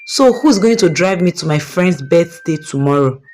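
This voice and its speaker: A woman's voice: fairly low pitch, animated, moderate pace, darkish tone, faint music behind, natural voice. A woman voicing a lazy, spoiled young son who talks in a whiny, sleepy way. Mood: nervous.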